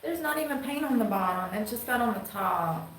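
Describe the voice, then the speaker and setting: A woman's voice: on the high side, expressive, a little fast. A woman from North Carolina with a Southern twang, rambling casually and bluntly to her stream viewers, swearing freely. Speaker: live streamer. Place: indoor room, rain outside. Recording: echoey room, faint noise.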